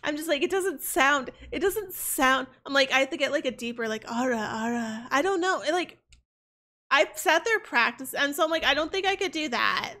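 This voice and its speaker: Young woman, streamer, casual rambling chat, bright tone. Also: high-pitched, lively intonation, a little fast, few pauses. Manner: rambling, full of fillers and restarts. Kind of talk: casual chat while gaming.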